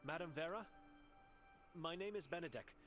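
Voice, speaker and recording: A man's voice: fairly high pitch, normal speed, a bit bright, faint music behind, pitched above the performer's own voice, lightly acted. A man voicing an earnest young male monk who urgently questions people about his missing sister, reading game dialogue aloud on a live stream.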